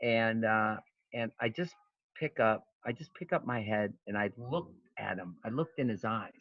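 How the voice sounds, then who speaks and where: A man in his fifties, a wrestling coach, telling stories in an interview, animated and full of fillers and restarts. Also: lowish voice, normal speed, no room sound. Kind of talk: storytelling interview. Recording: dull lo-fi sound, dry.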